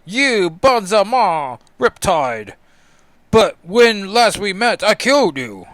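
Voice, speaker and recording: A man's voice: high voice, expressive, unhurried, a bit bright, clean tone, dry recording, pitched above the performer's own voice, full character voice. A man doing a stoic Russian steel hero. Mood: stern. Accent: fake Russian.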